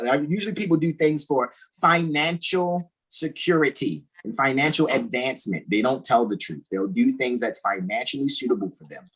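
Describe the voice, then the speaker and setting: A man's voice: medium pitch, a bit bright, husky, rough recording. A man hosting a casual podcast, talking in an emphatic, preachy way and often repeating "all righty". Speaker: host.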